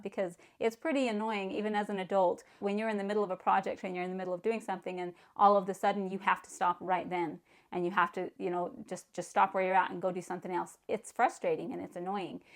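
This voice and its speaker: Middle-aged mother, earnest parenting vlogger, mid pitch, casual and repetitive delivery. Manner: earnest, repeats words, frequent you-knows. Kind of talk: casual advice talk.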